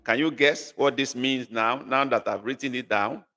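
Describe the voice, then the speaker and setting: A man's voice: mid-range voice, fairly even intonation, normal speed, hardly any pauses, fairly bright tone. A man teaching a live online language class, patiently repeating phrases and coaxing learners to guess. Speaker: language tutor. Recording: long reverb.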